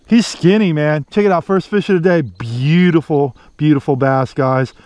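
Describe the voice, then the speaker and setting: A man filming himself bass fishing from a boat outdoors, cheering on every catch with casual commentary. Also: normal speed, dry recording. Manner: excited, cheers on fish with stock phrases. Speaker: fishing vlogger.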